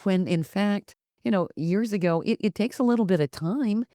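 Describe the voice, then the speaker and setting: A woman's voice: mid-range voice, moderate pace, mellow, no room sound, studio quality. A woman hosting a podcast interview, introducing a guest and musing aloud in easy conversation. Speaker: host.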